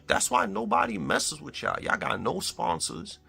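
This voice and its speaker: A man's voice: fairly high pitch, huge pitch swings, normal speed, vocal fry, bright, forceful tone, slightly rough. A man with a Bronx New York accent, a streamer ranting at his critics in a confrontational, trash-talking way. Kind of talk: angry rant to the camera.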